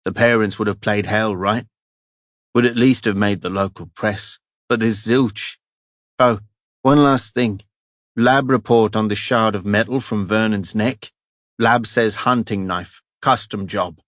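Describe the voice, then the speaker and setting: A man voicing a gruff, cheerful police sergeant leaving a breezy, slangy phone message in an audiobook. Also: lowish voice, steady tone, a little slow, fairly bright tone, dry recording, clean studio sound. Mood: chatty. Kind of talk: audiobook character voice.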